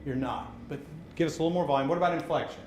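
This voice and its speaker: A man coaches speakers at a live workshop, brisk and encouraging, with direct feedback. His voice sits a bit high for a man. It echoes around the room over a faint background hiss. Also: darkish tone. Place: seminar room.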